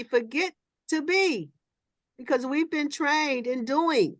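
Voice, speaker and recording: A woman hosting with a voice a little above the middle in pitch. She moves from measured, reflective reading into easy, animated talk. The sound is dry and close-miked. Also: no echo. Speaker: host. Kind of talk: reading a passage, then casual group chat.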